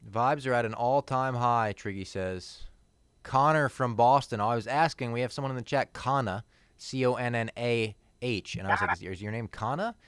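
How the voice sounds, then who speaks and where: A man's voice: mid-range voice, normal speed, fairly bright tone, smooth, no room sound. A tired man hosting a long live stream, laid-back and reading out chat messages.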